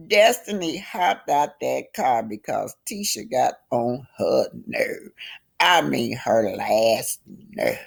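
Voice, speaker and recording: Slow, gravelly woman recapping gossip. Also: very deep voice, lively intonation. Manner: chatty, drawn-out storytelling. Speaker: host. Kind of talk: casual reality show recap.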